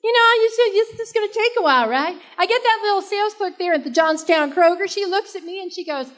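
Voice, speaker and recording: Stand-up comic, woman, high voice, brash crowd-working delivery. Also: expressive, fast talker, fairly bright tone. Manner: brash, chatty, works the crowd. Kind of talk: stand-up comedy set. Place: live comedy stage.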